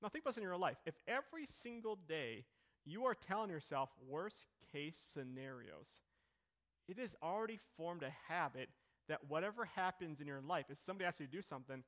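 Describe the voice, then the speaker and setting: A middle-aged man preaching a sermon to his congregation, with a conversational, questioning manner that swings between quiet and emphatic. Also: fairly high pitch, animated, a little fast. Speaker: pastor. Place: church hall.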